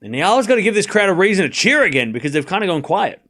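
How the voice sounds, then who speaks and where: A man's voice: high voice, big pitch swings, fairly bright tone. A man hosting a live tennis watchalong, calling the score and chatting casually with his viewers. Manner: chatty, talks straight to his live chat, with quick asides and restarts.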